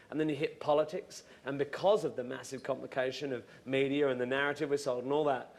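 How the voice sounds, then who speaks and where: A man's voice: medium pitch, fairly even intonation, fast, few pauses. A man on a comedy panel, talking things through in a thoughtful way, with frequent restarts and casual swearing.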